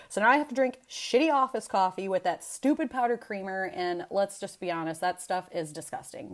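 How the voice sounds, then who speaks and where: A woman, giving a casual motivational talk in an animated, chatty way, swearing freely and saying "like" a lot. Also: medium pitch. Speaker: motivational vlogger.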